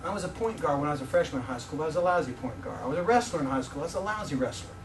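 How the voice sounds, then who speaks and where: A man in his fifties, a visiting preacher, telling personal stories in a sermon with animated, joking delivery to his audience. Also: fairly high pitch, racing, far from the mic, slight background noise. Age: 50s. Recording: echoey hall, voice from off-mic.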